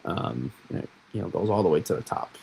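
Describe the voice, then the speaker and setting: A man's voice: low voice, fairly quick, gravelly, warm tone, slight background noise, low-quality recording. A man from New England hosting a weather livestream, rambling and self-correcting in casual chat.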